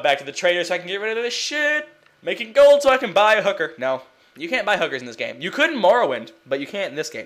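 A young man giving casual, rambling commentary while playing a video game, excitable and quick to swear. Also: high-pitched. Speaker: let's play gamer.

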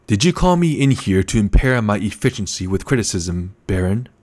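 A man's voice: lowish voice, sing-song, moderate pace, darkish tone. A man voicing a proud, venomous male advisor who talks in a tense, biting, defensive way.

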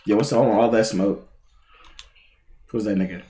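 A young man livestreaming a video game, excitable and swearing, swinging between yelling and muttering. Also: on the low side, a little slow, reverberant. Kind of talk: gaming livestream commentary.

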